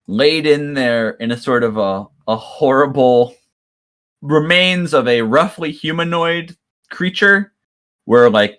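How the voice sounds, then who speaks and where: A man's voice: mid-range voice, fairly bright tone. A man running a tabletop game as game master, describing the scene in a loose, rambling way with many fillers.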